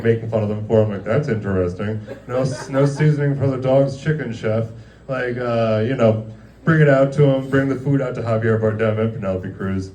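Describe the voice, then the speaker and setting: A man in his thirties, his mid-range voice dark in tone, tells rambling stand-up stories in a dimly lit restaurant, laughing and saying "like" a lot to a live audience. He's recorded from a distance.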